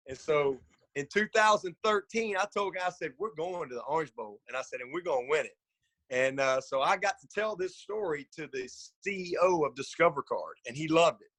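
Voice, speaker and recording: A middle-aged man, a football coach guest telling stories in a casual podcast chat, animated and lively. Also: dry recording. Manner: animated storyteller, voices his own shouts high and loud.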